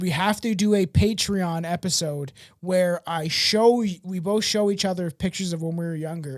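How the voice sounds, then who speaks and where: A man co-hosting a podcast with a notably high voice. He talks casually and loosely, rambling, swearing often and padding his sentences with fillers. He sounds like he's in his thirties. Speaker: podcast co-host. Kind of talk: casual chat.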